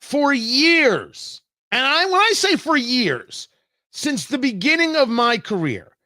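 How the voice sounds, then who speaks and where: A man's voice: very high-pitched, very animated, takes it slowly, sharp tone, no echo, studio quality. A man hosting a political talk show, talking in a combative, emphatic way.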